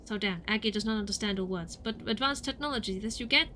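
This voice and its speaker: A woman's voice: medium pitch, fast talker, pushed and bright, a little hiss or hum, natural voice. A woman voicing a sly male forest outcast who talks in broken grammar and calls himself by his name. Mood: scheming.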